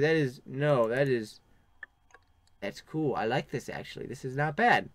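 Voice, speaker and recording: A young gaming-channel host with a medium-pitched voice talks at normal speed, pausing often, in a dry recording. He reads the game chat aloud while playing, tossing in crude, sarcastic jokes as keyboard typing and clicks sound in the background.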